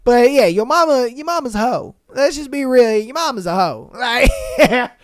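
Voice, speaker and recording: A man hosting a podcast, reading posts aloud and reacting bluntly in slangy talk with loud exclamations. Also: extremely high pitch, lively intonation, normal speed, no room sound, clean studio sound. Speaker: podcast host.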